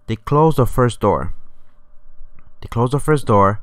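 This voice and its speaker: A man on a live stream telling a scary personal story in an animated, rambling way, swearing often. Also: medium pitch, slow pace, no room sound.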